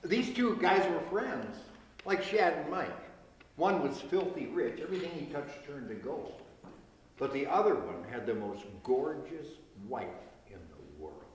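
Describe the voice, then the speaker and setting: An older man telling jokes to a small group of friends, relaxed, acting out the characters in quick quotes. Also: on the high side. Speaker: joke teller. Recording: echoey reverberant room, light noise.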